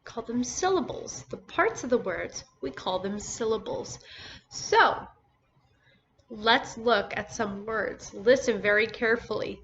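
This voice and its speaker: Brief: woman teacher for small kids, bright higher voice, patient syllable-by-syllable phonics delivery. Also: lively intonation. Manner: slow, sounds out words syllable by syllable. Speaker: first grade teacher. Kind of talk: recorded phonics lesson for young children. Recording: dull lo-fi recording with faint noise.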